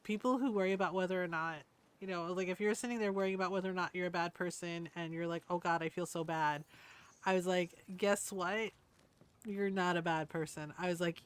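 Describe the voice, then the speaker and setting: A woman's voice: medium pitch, a bit bright. A woman streaming a game, chatting casually and rambling, with bursts of indignation. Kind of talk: casual gameplay commentary.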